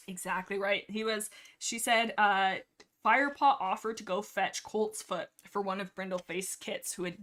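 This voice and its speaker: A woman's voice: medium pitch, fairly bright tone. A young woman hosting a livestream, chatting casually about books she loves and acting out lines with playful over-the-top drama. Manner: chatty, giggly, acts out dialogue with exaggerated drama. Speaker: livestream host discussing a book series. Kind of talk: casual rambling book chat.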